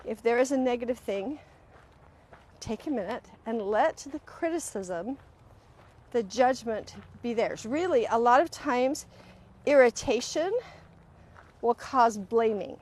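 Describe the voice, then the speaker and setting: A woman's voice: on the high side, a little slow, long pauses. A woman hosting a live-stream talk on emotional healing, speaking earnestly to viewers and acting out quoted voices as she goes. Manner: animated, acts out quoted voices mid-sentence; earnest, directly addresses viewers. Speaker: host. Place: at home, on a live video stream.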